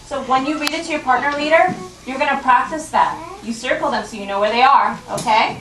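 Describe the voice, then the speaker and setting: A woman's voice: sits high, fairly quick, a bit bright. A woman teaching a first grade class, patient and coaxing, modeling reading word by word. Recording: roomy classroom audio from a distance, with background noise.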